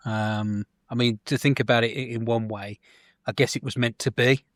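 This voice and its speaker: A middle-aged man, co-hosting a podcast in a quiet, measured, slightly hesitant way. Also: medium pitch, fairly even intonation, no echo, clean studio sound. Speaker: podcast co-host. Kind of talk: casual chat.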